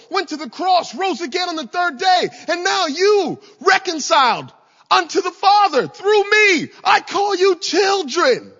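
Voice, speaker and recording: A preacher putting on Christ's voice, high and shouted, stretching every phrase as he calls out to believers as his children. The words ring through a roomy hall, and the sound is dull and lo-fi. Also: exaggerated voice. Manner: shouted, drawn-out proclamation.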